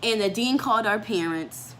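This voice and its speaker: Bright-voiced young woman telling a story. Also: medium pitch, normal speed, slight background noise. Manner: animated storytelling, fillers with "like", acts out quoted voices. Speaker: vlogger. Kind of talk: casual storytime.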